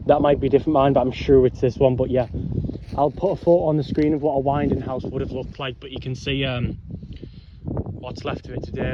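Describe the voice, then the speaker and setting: A man's voice: medium pitch, muffled recording. Young guy rambling on a walk outside, lots of ums, bit breathless, noisy camera audio. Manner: rambling, chatty, frequent ums and whatnots. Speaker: vlogger exploring old mine ruins. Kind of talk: casual walking commentary. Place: outdoors on a windy hillside.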